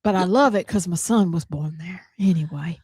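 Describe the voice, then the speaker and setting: A woman's voice: on the low side, normal speed, background noise. A woman hosting a talk show in a chatty, easy-laughing way. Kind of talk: casual radio chat.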